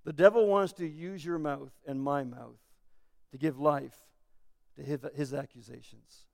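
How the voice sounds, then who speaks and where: A man's voice: on the high side, fairly even intonation, a little slow, gravelly, a little mellow. A man preaching a sermon as pastor, earnest and building to emphatic declarations. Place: church sanctuary. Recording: echoey church hall.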